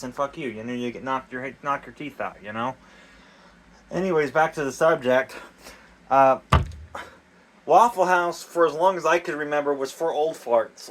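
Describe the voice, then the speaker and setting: A man's voice: medium pitch, a bit bright, a little hiss or hum. A young man rambling casually and crudely in a vlog, swearing often, talking outdoors in the cold. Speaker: DIY vlogger.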